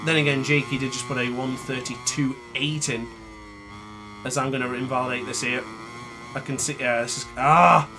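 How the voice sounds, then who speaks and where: A man's voice: mid-range voice, little pitch movement, normal speed, music in the background. A man giving live commentary on a racing game, muttering and scolding himself often. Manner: frustrated, muttering, self-critical. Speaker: gaming YouTuber. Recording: game engine noise behind voice. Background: motorbike game sounds.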